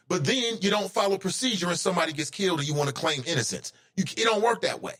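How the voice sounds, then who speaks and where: A man's voice: sits high, lively intonation, fast talker, few pauses, fairly bright tone. Heated ranting male talk host. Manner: heated, ranting, rising to indignant outbursts. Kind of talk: opinionated solo commentary.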